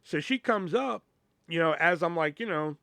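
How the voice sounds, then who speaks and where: Brief: male podcast host spinning a long work story, cussing, rambly, slightly high voice, dry close sound. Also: animated, normal speed, gravelly, sharp tone, no room sound. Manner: profane, rambling, lots of "you know". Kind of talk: casual storytelling.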